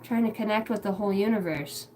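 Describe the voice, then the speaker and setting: On her live stream, a woman with a medium-pitched, slightly mellow voice rambles at a quick pace, crude and giggly with frequent swearing. Faint music plays behind her, and the sound quality is poor.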